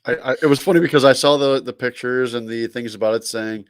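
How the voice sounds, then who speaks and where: A man's voice: medium pitch, fast, clean tone. A man with a mid-range voice chimes in as co-host of a casual chat, mostly giving short, laid-back remarks and agreement. His voice is recorded dry and close, with no room echo.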